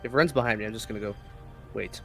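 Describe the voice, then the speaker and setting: A man's voice: fairly low pitch, rapid-fire, music in the background. A man playing a tabletop game in a casual style, describing his actions with fillers and laughing easily. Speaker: player.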